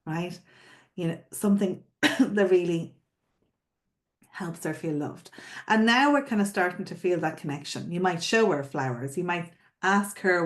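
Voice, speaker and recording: Woman, sales coach for florists, lowish voice, conversational, repeats herself, frequent check-ins. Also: expressive, measured pace. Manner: explains with frequent check-in questions and repetitions. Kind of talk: spoken teaching.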